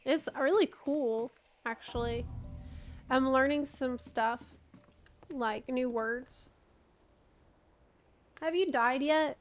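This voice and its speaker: A woman's voice: sits high, slow, long pauses. A woman in her thirties streaming a game, chatting casually with her chat. She laughs often and swears casually. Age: 30s. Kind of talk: casual live-stream chat while gaming.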